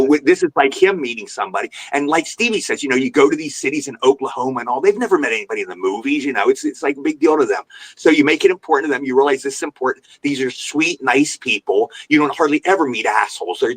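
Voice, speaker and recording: A man as a podcast guest, telling an animated, rambling anecdote in a storytelling way and repeating himself. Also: medium pitch, quick pace.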